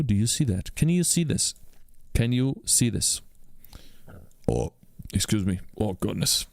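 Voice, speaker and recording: A young man codes and thinks aloud, his pitch leaping up and down as he mutters and then snaps at the screen. He talks slowly, and the dry, close sound leaves no room echo. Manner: mutters to himself, frustrated outbursts and swearing. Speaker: indie game developer. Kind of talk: live coding commentary.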